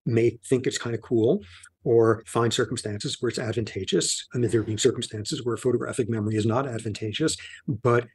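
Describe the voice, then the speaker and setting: Guy in an interview clip, kinda husky, calm explaining, dry. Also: medium pitch, brisk, dry recording. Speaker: interviewee scientist. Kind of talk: conversational explanation.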